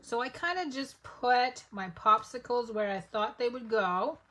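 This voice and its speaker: A woman's voice: on the high side, expressive, a little slow, pushed and bright. A woman giving a live papercraft demonstration, chatting to viewers step by step as she works. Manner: chatty, step-by-step, talks to viewers while working. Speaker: papercraft instructor.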